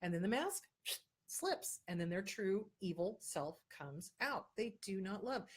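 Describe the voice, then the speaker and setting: A woman hosting an advice show, answering viewer questions in casual talk, blunt and emphatic, hammering her points home by repeating them. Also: fairly low pitch.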